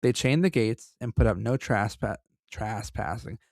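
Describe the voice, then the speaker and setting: A man's voice: lowish voice, measured pace, vocal fry, darkish tone, no room sound. A man co-hosting a podcast, reading a story aloud and breaking off for profane, joking asides. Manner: profane, joking asides between read passages. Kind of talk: casual story reading with banter.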